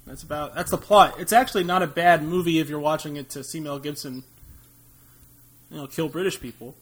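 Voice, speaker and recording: A man's voice: on the high side, steady tone, fairly quick, a bit bright, a little hiss or hum. A young American man co-hosting a podcast, chatting casually about movies with a rambling, jokey manner and frequent laughs. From United States. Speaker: podcast co-host.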